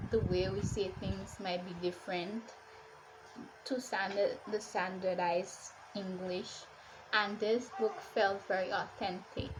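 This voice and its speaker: A woman's voice: medium pitch, background noise. A woman chatting casually through a book wrap-up, with exasperated rhetorical questions and a lot of "like.". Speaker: book reviewer.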